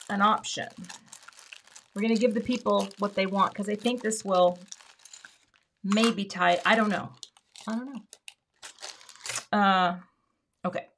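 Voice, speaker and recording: A woman's voice: mid-range voice, slight background noise. A woman hosting a card-making livestream in casual chat, thinking aloud and dropping to murmurs while she works.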